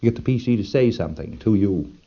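Male lecturer, low and dark, folksy and emphatic with rhetorical asides, muffled old tape sound. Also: expressive, quick pace. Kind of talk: lecture to trainees.

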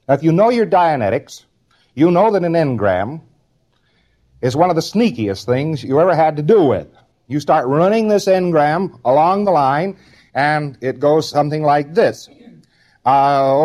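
A man's voice: on the high side, big pitch swings, a little slow, a little mellow. A man delivering an informal spoken lecture in a conversational, wry manner, now and then acting out short quotes.

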